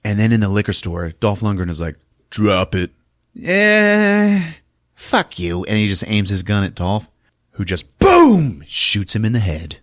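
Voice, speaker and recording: A man hosting a podcast, giving an animated comedic movie recap, laughing often and acting out scenes with sound effects. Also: on the low side, normal speed, dry recording, clean studio sound. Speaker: podcast host.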